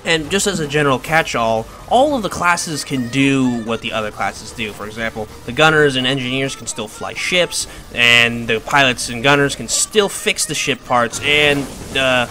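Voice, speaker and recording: A man's voice: medium pitch, normal speed, hardly any pauses, pushed and bright. A man casually explaining a video game in a rambling, self-joking tutorial commentary. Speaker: gaming video creator. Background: faint background music.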